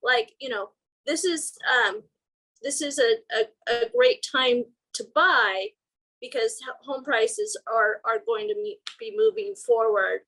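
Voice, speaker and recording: High-voiced woman thinking out loud on a team call, stops and restarts a lot. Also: poor audio. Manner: halting, restarts, trails off. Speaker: real estate agent. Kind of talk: team meeting discussion.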